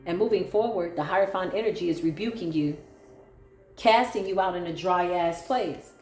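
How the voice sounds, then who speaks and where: A woman's voice: lowish voice, moderate pace, a little mellow. A woman giving a solo tarot reading, sassy, sarcastic and preachy. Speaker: tarot reader. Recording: echoey room with faint music.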